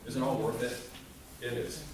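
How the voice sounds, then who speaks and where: Guy doing a funny motivational talk to staff, joking around, mid-pitch voice, noisy room in the background. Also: fairly even intonation, unhurried. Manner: joking, conversational, with frequent rhetorical questions. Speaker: motivational speaker. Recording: very echoey room, mic far off, background noise. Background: audience laughter.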